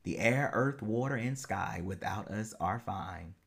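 A man's voice: on the low side, unhurried, fairly bright tone, breathy edge. A man hosting a solo podcast as a life coach, talking in an earnest, encouraging way and laughing easily.

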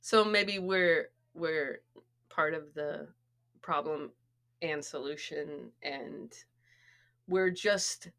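A middle-aged woman co-hosting a podcast, talking in loose, rambling casual chat. Her voice sits a little low but sounds bright and forward. She fills her sentences with "like" and starts over often. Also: drawn-out words. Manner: rambling, full of "like" and restarts. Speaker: podcast co-host.

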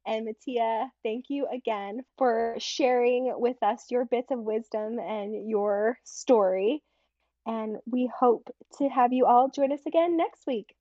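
A woman's voice: on the high side, slow, warm tone, no room sound. A woman co-hosting a casual podcast chat, giggly and gushing about the kids. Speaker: podcast co-host. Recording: slightly muffled dry audio.

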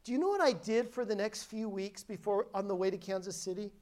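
A woman's voice: mid-range voice, a little fast, darkish tone. Woman preacher telling an emphatic testimony. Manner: emphatic storytelling with frequent restarts. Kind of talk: sermon with personal testimony.

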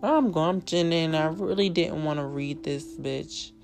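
A woman's voice: sits low, measured pace, vocal fry. A young woman hosting her own podcast, telling a story in a blunt, profane, chatty way. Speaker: podcast host. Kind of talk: casual storytelling monologue. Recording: guitar music playing underneath. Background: guitar music.

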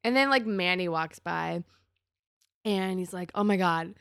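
Woman host recapping a show, chatty and gossipy, bit of vocal fry, close and dry. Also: on the low side, unhurried, fairly bright tone, dry recording. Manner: chatty, gossipy, acts out characters' lines. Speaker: podcast host. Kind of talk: casual chat recapping a TV episode.

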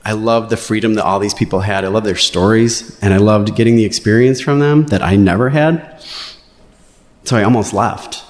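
A man's voice: lowish voice, moderate pace. Wry male storyteller in an echoing hall. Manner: wry, animated, playing quotes in raised voices. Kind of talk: live personal storytelling. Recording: roomy hall reverb.

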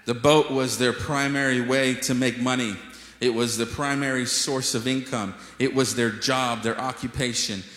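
A male pastor delivers a lively sermon, telling stories to his congregation and slipping into the voices of the people in them. His voice sits at a middle pitch. It rings through a large room with a long, roomy reverb. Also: moderate pace. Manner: lively storytelling preacher, acts out voices, jokes with the congregation. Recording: echoey hall with long reverb.

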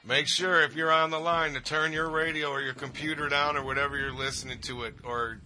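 A man co-hosting a radio show, joking and bantering in a lively way and taking calls. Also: fairly high pitch, fairly quick, rough recording. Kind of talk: casual radio chat.

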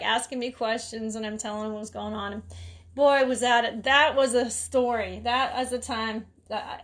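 A woman's voice: on the high side, fairly bright tone. A woman caregiver talking casually and sharing advice, chatty with many asides and fillers. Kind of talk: casual storytelling talk.

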